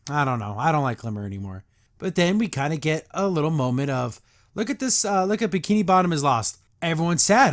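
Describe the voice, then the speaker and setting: A man hosting a podcast, recapping and reacting to a cartoon episode in a sarcastic, exasperated rant. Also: on the high side.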